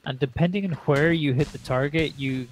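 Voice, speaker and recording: A man's voice: a little high, a little fast, slight background noise. A man streaming a game, casually explaining mechanics to a friend and laughing easily. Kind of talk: casual gameplay chat.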